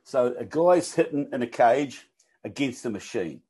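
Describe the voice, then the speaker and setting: A man's voice: mid-range voice, expressive, normal speed, dark tone, husky. An older man with a New Zealand accent, a guest talking casually and telling coaching stories with casual swearing. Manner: chatty, with frequent restarts and casual swearing. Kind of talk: casual conversation and storytelling.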